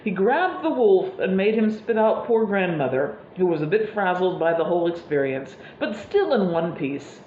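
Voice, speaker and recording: A woman preacher telling a fairy tale in a sermon, unhurried, with fillers. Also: fairly low pitch, big pitch swings, slight background noise. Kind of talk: sermon storytelling. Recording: echoey room, slightly dull sound.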